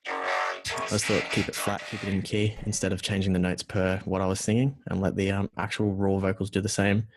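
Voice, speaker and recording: With music playing in the background, an Australian man talks through his production session in a relaxed, self-deprecating way full of fillers. He speaks fairly quickly in a low, level voice.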